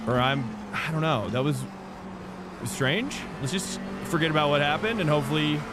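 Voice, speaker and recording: A man's voice: a little high, moderate pace, very noisy. A young man streaming a sim race from home, chatting casually and laid-back, calling his viewers dude and boys. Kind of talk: casual chat while live-streaming a race.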